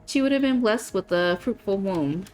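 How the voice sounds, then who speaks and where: A woman's voice: medium pitch, animated, normal speed, darkish tone, soft background music, close to an everyday voice. An actress playing a playful, teasing woman in a video game, telling stories with dry banter.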